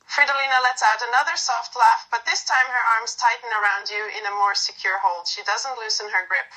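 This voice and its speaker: A woman narrates a second-person romance with a soft, unhurried delivery. Her voice is bright and sits slightly high. Small slips show through now and then. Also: steady tone, poor audio.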